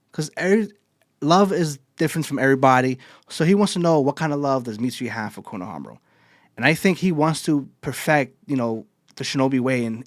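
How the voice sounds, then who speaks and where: Casual male podcast host, mid-pitch, dry close sound, enthused and profane. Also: dry recording. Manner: excited, swears freely, retells scenes in quotes. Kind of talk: casual anime chapter recap.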